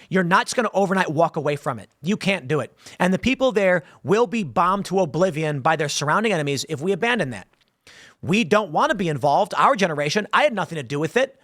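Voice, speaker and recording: A man delivering heated political commentary in a voice that sits a little high for a man. He talks emphatically and wanders between points, acting out other voices as he goes. The recording is close and dry, with no room sound. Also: fairly bright tone, no echo. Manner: emphatic, rambling, acts out voices in scenarios.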